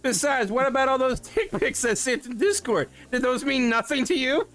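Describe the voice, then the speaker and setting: A man's voice: very high-pitched, normal speed, fairly bright tone. A man streaming a game with a friend, teasing and joking and reading game text aloud. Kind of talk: casual stream banter.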